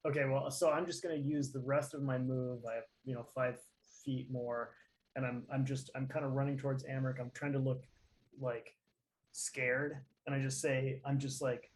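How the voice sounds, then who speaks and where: A man playing a tabletop game, describing his moves in a halting, restarting way. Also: mid-range voice, little pitch movement, slight background noise. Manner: halting, restarts often while describing actions. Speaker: player. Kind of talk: casual in-character chat.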